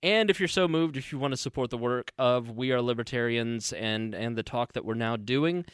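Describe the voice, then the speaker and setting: A man's voice: mid-range voice, moderate pace, smooth, no echo, clean studio sound. A man hosting a podcast, chatting casually and joking at his own expense. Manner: joking, self-mocking. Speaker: podcast host. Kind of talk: casual interview chat.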